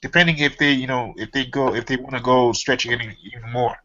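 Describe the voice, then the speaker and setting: A man's voice: mid-range voice, steady tone, quick pace, sharp tone. A man joking and swearing freely in a casual group chat over a call. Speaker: panelist. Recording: muffled lo-fi call audio with keyboard clicks.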